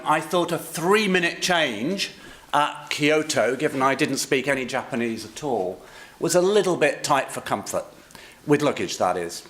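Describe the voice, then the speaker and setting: A man gives a conference keynote in a conference hall, with a voice at an ordinary middle pitch. His delivery is measured and anecdotal, and he slips in dry humour along the way. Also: fairly bright tone. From England. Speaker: keynote speaker, transport body chairman.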